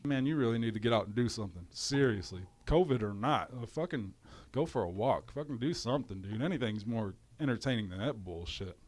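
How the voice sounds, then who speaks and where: A man's voice: mid-range voice, expressive, a little fast, a little mellow. A man with a runny nose, ranting on a livestream in a profane, exasperated way. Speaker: livestream commentator. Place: home in cold weather.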